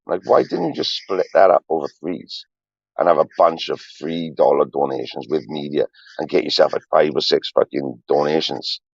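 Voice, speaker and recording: Very deep gravelly man. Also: moderate pace, no echo, highs cut off. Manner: profane, emotional and confessional. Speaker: streamer. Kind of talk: rambling livestream talk.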